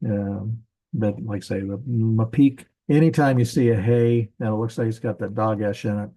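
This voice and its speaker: A man teaching a Bible language grammar class in a church classroom, patient and explaining step by step, repeating himself and slowing down on key words. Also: fairly low pitch, fairly even intonation, mellow, poor audio.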